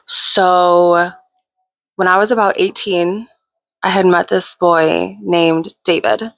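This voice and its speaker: A woman's voice: on the low side, creaky, a bit bright. A woman hosting her own show, telling a personal story in a candid, chatty way with plenty of swearing. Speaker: host. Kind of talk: casual storytelling.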